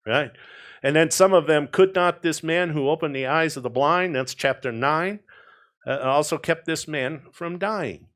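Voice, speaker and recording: A man preaching an expository sermon in a conversational way, often checking in with "right?" and moving between soft, low passages and emphatic ones. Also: unhurried. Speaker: pastor.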